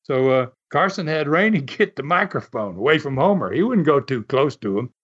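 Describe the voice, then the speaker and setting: A man's voice: a little high, animated, fairly quick, breathy edge. A man, a former wrestler, telling a story in a folksy, laughing way with many fillers. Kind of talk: casual storytelling. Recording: slightly muffled recording.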